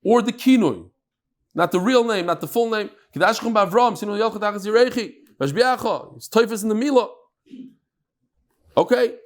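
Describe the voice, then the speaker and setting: Male Talmud teacher, high voice, animated classroom delivery that mixes in Aramaic terms. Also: normal speed. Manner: lively, mixes Hebrew-Aramaic terms into English, jokes with listeners.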